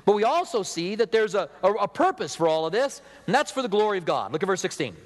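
A middle-aged pastor delivers a sermon fast in a slightly high voice, his words ringing with a long hall reverb. He addresses the congregation in a relaxed, conversational way, breaking into chatty asides and acting out quotes.

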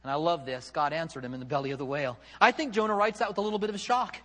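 A man preaching a sermon, swinging from loud, fervent passages to hushed, quiet ones. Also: a little high, animated, very fast, few pauses, big-room sound. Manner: dramatic, swings from loud fervor to hushed tones. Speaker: pastor.

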